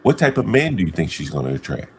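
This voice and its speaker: A man's voice: deep voice, sing-song, fast, slight background noise. A man arguing heatedly on a live stream panel, defensive and insulting, often repeating himself.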